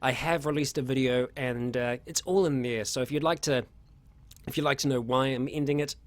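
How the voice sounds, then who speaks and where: A man's voice: medium pitch, fairly even intonation, brisk. A young man hosting a casual Q&A, reading out viewer questions and answering in a chatty, rambling way with many fillers and restarts. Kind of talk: casual livestream Q&A.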